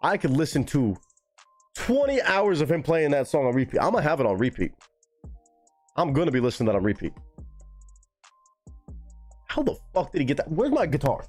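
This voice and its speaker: A young man hosting a live music reaction stream, talking casually and excitedly to his chat with plenty of swearing. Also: a little high, a little fast, long pauses. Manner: excitable, profane, talks straight to chat.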